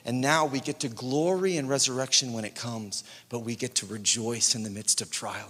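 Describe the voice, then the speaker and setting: A young adult man preaching a sermon, conversational and lively, acting out his own inner voice and dropping to near whispers at times. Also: mid-range voice, normal speed, husky. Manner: conversational preaching, acts out inner voices, swings loud and soft. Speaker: pastor. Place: church sanctuary. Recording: long hall reverb.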